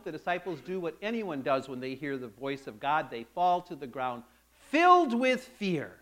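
A male preacher telling a sermon story with drama. His voice sits high and swings widely as he builds each scene, and he acts out the characters as he goes. The delivery is lively. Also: moderate pace. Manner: dramatic storytelling, acting out the quotes.

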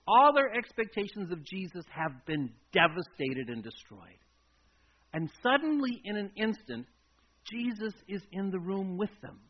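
A man preaches a sermon in a high, light voice. He tells the story with drama, swinging between loud emphasis and hushed, intimate lines. The recording sounds dull and lo-fi. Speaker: pastor.

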